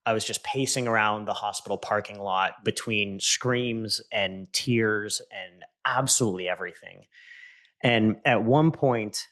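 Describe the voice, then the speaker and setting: Man, lowish voice, earnest and intense, emotional storytelling, podcast guest, goes quiet on quoted lines. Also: measured pace. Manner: earnest and intense, voice dropping low and soft on quoted words. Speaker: podcast guest, entrepreneur and coach. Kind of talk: emotional personal storytelling in conversation.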